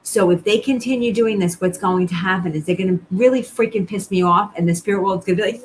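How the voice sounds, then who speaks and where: A woman's voice: mid-range voice, fast talker, few pauses, a little hiss or hum, poor audio. A woman psychic medium doing a live-streamed reading, talking to viewers in an earnest, reassuring way and often repeating herself.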